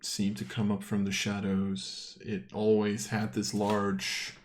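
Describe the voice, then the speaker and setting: Slow, low-voiced man role-playing. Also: monotone, slight background noise. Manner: hesitant, halting with many fillers. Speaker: player. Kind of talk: in-character tabletop role-play.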